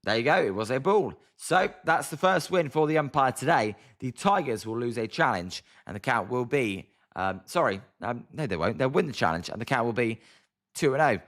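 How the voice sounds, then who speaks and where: British male streamer, excitable play-by-play, mid-range voice, grumbles at his team, chats with viewers. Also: medium pitch, normal speed. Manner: exasperated, chatty, reads viewer comments aloud. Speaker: live-stream sports commentator. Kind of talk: casual play-by-play watch-along.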